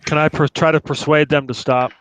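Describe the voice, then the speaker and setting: A man's voice: a little high, little pitch movement, brisk, fairly bright tone, a little hiss or hum, poor audio. A man playing a tabletop game, earnestly making a persuasive plea. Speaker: player. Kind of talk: tabletop role-play.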